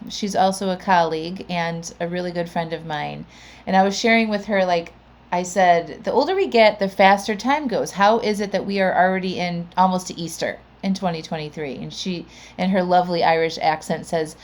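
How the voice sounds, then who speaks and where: A woman hosting a podcast and coaching, talking in a chatty, conversational way with frequent "like" and "right?". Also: fairly low pitch. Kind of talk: chatty podcast intro monologue.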